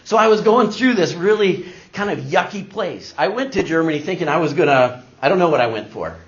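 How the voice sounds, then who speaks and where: A man's voice: a little high, expressive, a little fast. A middle-aged man giving a talk, telling a personal story to an audience and acting out the people he quotes. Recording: dull lo-fi recording.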